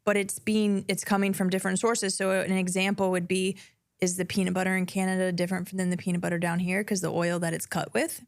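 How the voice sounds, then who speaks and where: A woman with a lowish voice co-hosts a casual talk, drawing on her work with patients. She explains in an engaged, agreeable way, and her voice is dry and close to the mic. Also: level tone, quick pace, no room sound. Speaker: health practitioner and co-host. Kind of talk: casual chat. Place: South Florida.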